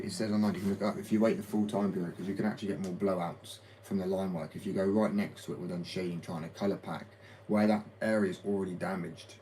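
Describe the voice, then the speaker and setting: A man's voice: low voice, mellow, a little hiss or hum, low-quality recording. A young man chatting casually in an interview about skating and his tattoo art, rambling with lots of "like" fillers and blunt swearing. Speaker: skateboard company owner and hobby tattoo artist.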